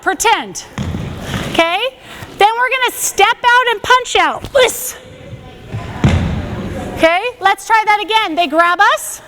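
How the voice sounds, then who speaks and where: A woman teaching a self-defense class on a body microphone, giving energetic step-by-step commands and checking in with "okay?" after each one. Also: very high voice, slow pace, long pauses, slight background noise. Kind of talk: classroom instruction. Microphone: wearing a microphone.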